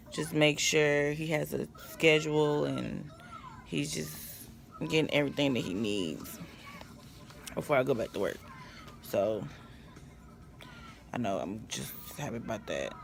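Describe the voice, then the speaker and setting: A woman's voice: low-pitched, a little slow, gravelly, long pauses, faint music behind. A young woman, worn out from lack of sleep, rambling through a casual vlog update with sighs. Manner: tired, rambling, with sighs and yawns. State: exhausted from no sleep. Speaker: vlogger.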